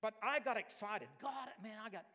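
A man's voice: high-pitched, moderate pace, in a large hall. A man from Alabama, preaching a sermon and telling stories with acted-out voices. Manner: animated storytelling, acts out voices. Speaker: pastor.

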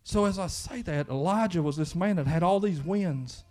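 A man's voice: sits high, moderate pace, a little mellow. A man with a Kentucky accent, preaching a sermon in church in a conversational style that rises into fervent emphasis. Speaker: pastor.

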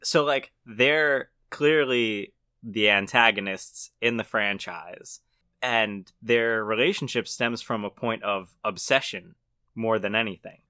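A man's voice: lowish voice, takes it slowly, no room sound, studio quality. A man co-hosting a podcast, talking casually and analytically about horror films. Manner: relaxed, analytical, frequent "like". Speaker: podcast co-host.

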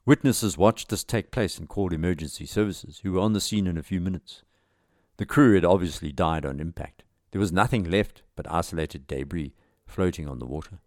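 A man, himself a pilot, narrating an air crash story in measured documentary style with lively emphasis. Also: deep voice, dry recording, clean studio sound.

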